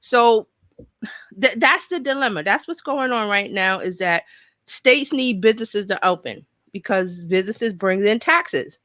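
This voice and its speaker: A New York woman hosts a casual live show, chatting, thinking aloud and reading out viewer comments. Her mid-range voice is animated, unhurried and a bit bright, in a dry recording.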